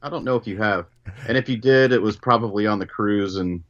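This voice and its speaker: A man calling in as a guest musician, talking in a relaxed, easygoing way with a lot of hedging. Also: on the low side, a little fast. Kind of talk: casual interview chat. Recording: dull phone-line call.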